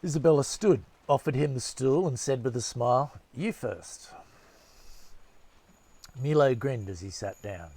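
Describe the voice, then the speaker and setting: A man narrating a novel as an audiobook in a steady, measured storytelling manner. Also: medium pitch, slightly rough.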